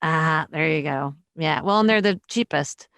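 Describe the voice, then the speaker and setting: A woman co-hosting a casual chat podcast, agreeable and quick to back up the other host. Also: low voice, a bit bright, smooth, dry recording, studio quality.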